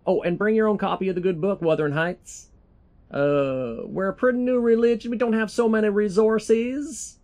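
A man's voice: high voice, moderate pace, a little mellow, pitched above the performer's own voice. A man voicing a folksy, rambling hillbilly preacher in a put-on Southern drawl. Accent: put-on generic American Southern. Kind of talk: comedic sermon parody.

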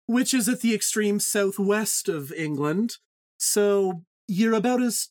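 A woman hosting a podcast book quiz, playful, handing out points. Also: mid-range voice. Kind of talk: casual podcast chat.

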